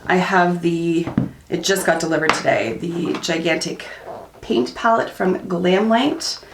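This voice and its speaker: A woman's voice: fairly low pitch, measured pace, reverberant, noisy background. A woman in her thirties chatting candidly while doing her makeup for a vlog, full of "um" and "like". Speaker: beauty vlogger.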